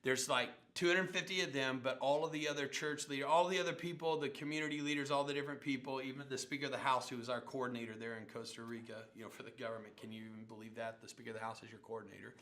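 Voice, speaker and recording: A middle-aged male pastor telling stories in a sermon, animated and acting out the people he quotes. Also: medium pitch, rapid-fire, few pauses. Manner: animated storyteller, acts out quotes and sounds. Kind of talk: sermon storytelling.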